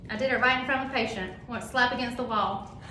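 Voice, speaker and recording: A woman instructor leads a hands-on classroom demonstration, loud and upbeat, easing into a slow, soothing tone for a patient now and then. Her voice sits a bit high. The room rings with echo over faint background noise. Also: fairly even intonation. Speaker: dental assisting instructor.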